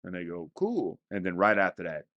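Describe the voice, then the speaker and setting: A man's voice: low-pitched, fairly even intonation, quick pace, bright, forceful tone, dry recording, dull audio. A young man telling a rowdy, profane story in casual podcast chat, often laughing. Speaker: storyteller guest.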